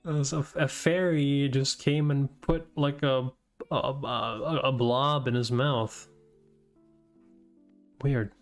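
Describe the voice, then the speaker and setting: Slow, musing man reading aloud. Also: medium pitch, steady tone, faint music behind. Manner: thinks aloud with fillers, bursts into surprised laughter and swearing. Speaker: host reading manga aloud. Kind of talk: casual reaction reading.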